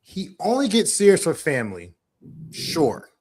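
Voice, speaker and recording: Blunt animated man ranting on a podcast. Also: on the high side, measured pace. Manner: blunt, animated, mimics wrestlers mid-rant. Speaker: podcast co-host. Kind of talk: casual wrestling chat.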